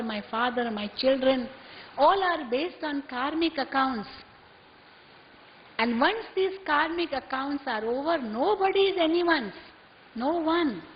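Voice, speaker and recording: A woman giving a measured spiritual talk and posing rhetorical questions to her listeners. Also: sits high. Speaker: spiritual teacher. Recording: muffled recording in a reverberant hall with faint hiss.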